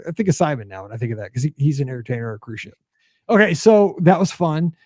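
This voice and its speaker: A man in his forties, a podcast host, telling a story in casual chat with many fillers and excited jumps in pitch. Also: quick pace, dry recording, clean studio sound.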